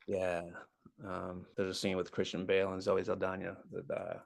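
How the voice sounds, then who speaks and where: A man from outside Boston with a Boston accent, a guest chatting casually on a podcast, talking in halting bursts with many restarts. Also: low voice, monotone, gravelly. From outside Boston, USA. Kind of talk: casual chat.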